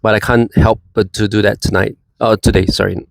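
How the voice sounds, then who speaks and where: A man's voice: lowish voice, little pitch movement, a little fast, gravelly, no echo, low-quality recording. A man who runs a football fan channel, talking casually in a reaction vlog with easygoing banter.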